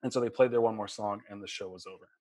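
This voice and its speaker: A man's voice: fairly low pitch, fairly even intonation, fast, darkish tone. A man co-hosting a podcast who tells a laid-back anecdote in casual chat and mimics the people in it. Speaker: podcast co-host.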